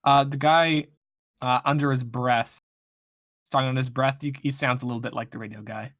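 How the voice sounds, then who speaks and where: A man runs a tabletop game, narrating the scene in a relaxed, offhand way. His voice sits at a middle pitch and sounds close and dry, with no room around it. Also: brisk, dry recording. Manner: casual, loose narration with fillers. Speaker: game master.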